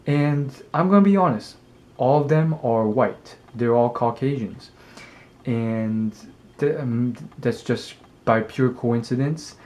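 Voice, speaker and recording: A man in a casual vlog, speaking in a mid-range voice. He rambles and hesitates often, filling his pauses with ums as he works through his ideas. His pace picks up in quick bursts before slowing again. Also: medium pitch, darkish tone. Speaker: vlogger. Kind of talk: casual talk to camera.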